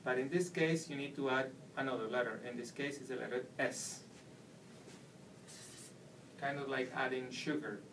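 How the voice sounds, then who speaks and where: A man's voice: medium pitch, fairly even intonation, normal speed, pauses often. Man teaching at a distant whiteboard. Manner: patient, explains step by step. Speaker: Spanish teacher. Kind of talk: whiteboard language lesson. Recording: distant mic with faint room noise.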